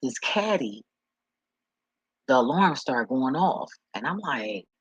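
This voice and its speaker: A man's voice: medium pitch, very animated, slow pace, breathy edge, dry recording, muffled recording. A man talking casually in a vlog, rambling and profane as he tells stories and laughs along the way. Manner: loose, profane, laughing storyteller. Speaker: vlogger and delivery driver.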